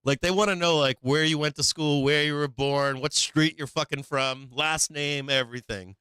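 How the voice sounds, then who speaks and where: A man's voice: fairly high pitch, fairly even intonation, normal speed, sharp tone, clear, resonant tone, no room sound. A man, hosting a livestream about the stock market, casually chatting and joking with his viewers, swearing and laughing a lot. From Massachusetts. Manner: profane, laughs often, joking with chat.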